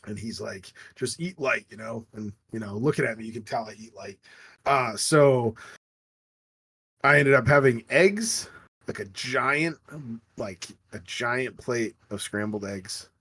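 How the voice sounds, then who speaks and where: A man's voice: mid-range voice, unhurried, a bit bright, breathy edge. A man co-hosting a podcast, telling funny stories and acting out the voices of people in them. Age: adult with a wife. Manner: joking storyteller, acts out voices in anecdotes. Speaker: podcast co-host. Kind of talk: casual chat.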